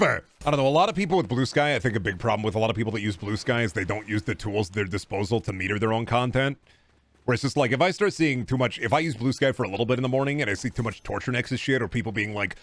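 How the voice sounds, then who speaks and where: Fast-talking, swearing male streamer. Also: lowish voice, a bit bright. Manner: profane, rambling, self-mocking. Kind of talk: casual comedic rant on stream.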